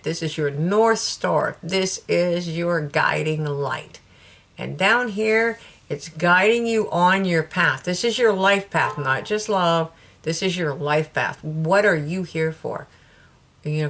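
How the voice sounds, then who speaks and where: A woman's voice: lowish voice, fairly bright tone. A woman with a Southern US accent giving a casual tarot reading, chatty, laughing often and breaking off her own sentences. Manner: chatty, laughing, self-interrupting. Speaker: tarot reader.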